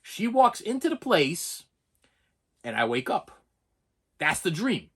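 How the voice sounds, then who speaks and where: A middle-aged man rambles through a personal story for his channel, looping back over phrases and calling out to his viewers. His voice sits a little high and comes across bright and forceful, with an excitable, restless delivery. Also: takes it slowly, slightly rough. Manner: excitable, repetitive, addresses viewers directly. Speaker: channel host.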